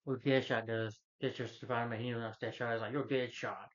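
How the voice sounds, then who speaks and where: A man's voice: mid-range voice, flat delivery, fast talker, a bit bright, lo-fi sound. A man casually recapping a film as a reviewer, rambling with lots of "you know" and "like". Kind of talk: casual spoken movie recap.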